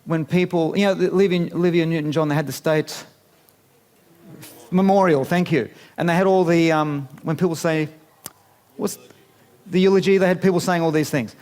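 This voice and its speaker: A man's voice: fairly high pitch, steady tone, moderate pace, pauses often, darkish tone. A man, giving a chatty, playful seminar talk to a live audience in a conference room and asking them questions. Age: 50s. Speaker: business speaker.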